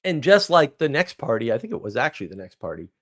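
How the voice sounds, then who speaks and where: A man talking live to his stream in a loose, unscripted monologue. He rambles from story to story and keeps checking in with a quick "right?" His voice sits at an ordinary middle pitch, and he laughs easily as he goes. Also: sing-song, a bit bright. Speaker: livestream host.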